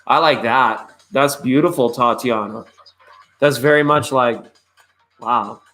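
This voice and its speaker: A man's voice: medium pitch, slow, bright, forceful tone, soft background music. A man hosting a live online tarot reading, chatting in a laid-back, rambling way and greeting viewers by name. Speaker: tarot reader and live show host.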